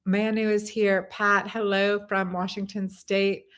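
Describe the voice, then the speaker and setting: A woman's voice: mid-range voice, level tone, unhurried, a bit bright. A woman doctor hosting a casual live stream, answering viewers' comments in a chatty way, with plenty of fillers and repeated words. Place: home in Texas.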